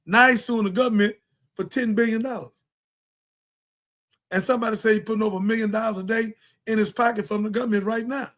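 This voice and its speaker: Man, high voice, preachy, emphatic, rambling, talk show host. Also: fairly even intonation, fast talker, long pauses, fairly bright tone. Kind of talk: impassioned political monologue.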